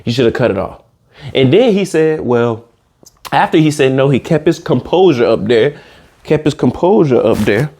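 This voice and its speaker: A man hosting a comedic reaction video, ranting in casual slang and jumping into high mocking voices. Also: moderate pace. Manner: animated, slangy, swings into high squeaky mock voices. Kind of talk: comedic rant reacting to a reality show.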